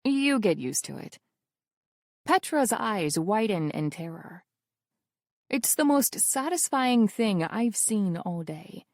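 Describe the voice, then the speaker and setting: Female romance audiobook narrator: wry, intimate, very expressive pitch, slow unhurried pace, dry close sound. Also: no room sound.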